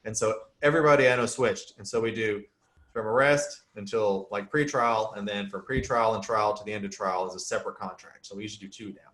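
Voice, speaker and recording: A man's voice: medium pitch, fairly even intonation, fairly quick, fairly bright tone. A man hosting a casual chat as a criminal defense lawyer, easygoing and joking, explaining things plainly with everyday examples.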